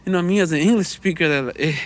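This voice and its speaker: A fast-talking Mexican-American vlogger from the US, his voice a little high, chats loosely outside in a rambling monologue packed with "you know," "man," and cursing.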